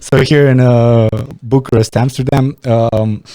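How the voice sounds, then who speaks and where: A man's voice: mid-range voice, steady tone, unhurried, warm tone, smooth, dry recording, studio quality. Blunt, profane man. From Romania. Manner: profane, rambling, blunt storytelling. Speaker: podcast host. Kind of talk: casual podcast chat. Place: small podcast studio.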